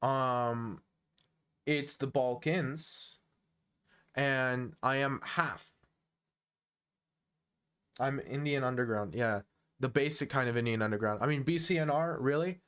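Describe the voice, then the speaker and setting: A man's voice: medium pitch, slow pace, pauses often, fairly bright tone, clean tone. A man of twenty-one with an American accent, chatting casually and teasing viewers while analysing chess on a stream. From United States. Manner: joking, teasing banter, chuckles often.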